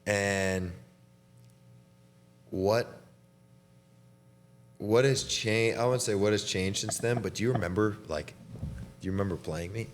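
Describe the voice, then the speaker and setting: Young male host, very low voice, relaxed and chatty, says "dude" a lot; faint hum behind. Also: unhurried, pauses often. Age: young adult. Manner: laid-back, chatty, laughs often, says "dude". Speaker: podcast host and college basketball player. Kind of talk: casual chat between teammates.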